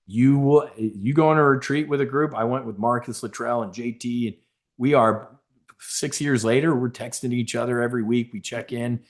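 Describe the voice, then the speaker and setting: A man's voice: medium pitch, steady tone, normal speed. Rambling, emphatic man hosting a live webinar. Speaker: webinar host. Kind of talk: casual live webinar talk.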